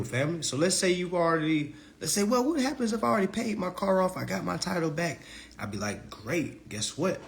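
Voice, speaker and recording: Animated man lecturing, hushed to shouting. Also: medium pitch, a little hiss or hum. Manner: preachy, excitable, swings from hushed asides to loud shouts. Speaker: host of a consumer law talk stream. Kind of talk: animated live-stream lecture.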